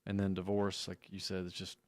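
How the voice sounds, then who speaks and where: Low, smooth-voiced man telling stories. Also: a little fast, dry recording. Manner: anecdotal, relaxed, uses "you know" often. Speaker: real estate agent guest. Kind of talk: casual radio chat.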